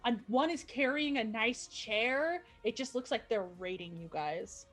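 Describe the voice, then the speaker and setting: A woman's voice: on the high side, animated, a little slow, fairly bright tone, faint music behind. A woman narrating as game master, chatty and cheerful, with stumbles and asides.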